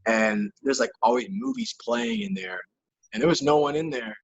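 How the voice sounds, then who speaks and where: A man's voice: high-pitched, moderate pace, creaky, slightly rough, dull audio. A young man guest on a podcast, swearing and saying "like" constantly as he tells a wild story. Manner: loose, profane, heavy use of filler words; animated anecdote telling. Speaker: guest, hockey player and rapper. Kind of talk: casual storytelling in a podcast interview.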